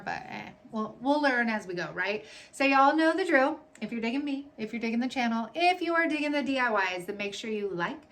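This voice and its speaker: A woman's voice: a little high, a bit bright. A young woman host of a craft channel, narrating a do-it-yourself tutorial in a chatty, rambling way, full of "like" and "y'all". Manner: bubbly, rambling, lots of "like" and "y'all".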